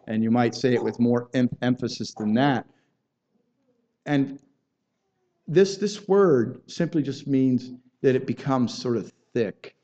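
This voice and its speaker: A man's voice: medium pitch, normal speed, warm tone, muffled recording. A man preaching a sermon, earnest and building in intensity, often repeating words and restarting phrases as he goes.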